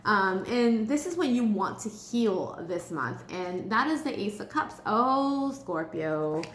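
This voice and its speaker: A woman's voice: medium pitch, sing-song, unhurried. A woman giving a casual tarot reading for a star sign. She is chatty and blunt, with casual swearing. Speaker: tarot reader. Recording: echoey room with faint hum.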